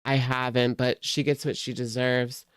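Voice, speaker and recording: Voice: mid-range voice, level tone, moderate pace, smooth, no echo, clean studio sound. A commentary host in casual chat, sarcastic and exasperated, reacting to clips.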